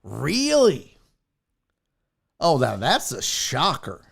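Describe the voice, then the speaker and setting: Loud, mocking man ranting with lively pitch. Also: extremely slow, creaky, husky. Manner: loud, mocking, profane, swings into exaggerated voices. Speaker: podcast host. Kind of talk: comedic sports talk show rant.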